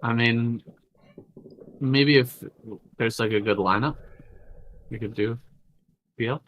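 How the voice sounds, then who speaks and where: A man's voice: medium pitch, slow pace, fairly bright tone, slight background noise, rough recording. A man who casts games, chatting casually in a laid-back, hesitant way. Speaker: game caster. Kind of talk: casual chat.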